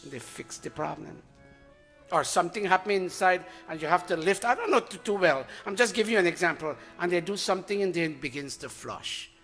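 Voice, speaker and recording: An older man leads a devotional gathering in a high, bright voice. He coaxes his students, praises their reading, and chants Sanskrit verses slowly. Faint music plays behind him. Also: animated. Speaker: teacher leading a satsang. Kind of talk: sermon with recitation.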